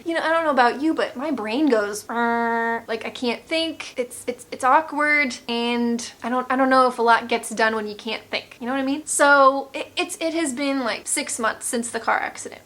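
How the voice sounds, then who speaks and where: American woman vlogger, chatty and expressive, a touch higher pitched. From United States. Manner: chatty, expressive, frequent restarts. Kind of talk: casual storytelling to camera.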